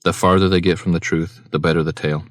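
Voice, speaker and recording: A man's voice: deep voice, little pitch movement, quick pace, no echo, clean studio sound, close to an everyday voice. A man voicing a pompous middle-aged minister who talks as if preaching. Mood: hearty.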